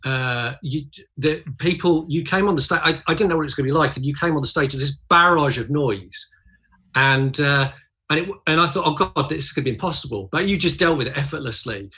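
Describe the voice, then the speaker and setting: A male comedian and author in a casual panel chat, earnest and animated when recalling things. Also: a little high, a little fast, husky.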